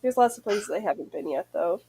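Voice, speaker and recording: A woman hosting a casual chat while she sews, chatty and playful and quick to laugh. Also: medium pitch, animated, vocal fry, dark tone, husky. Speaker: podcast host.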